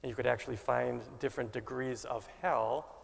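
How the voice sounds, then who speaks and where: A man preaching a sermon with a dramatic delivery, swinging from loud bursts to soft asides. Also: medium pitch, fairly even intonation, normal speed, vocal fry, big-room sound.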